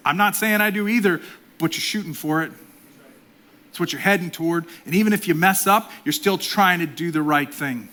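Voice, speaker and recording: A man in his forties, a pastor preaching a sermon, swinging between loud emphatic exhortation and soft, intimate delivery. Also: a little high, a little fast. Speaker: executive pastor.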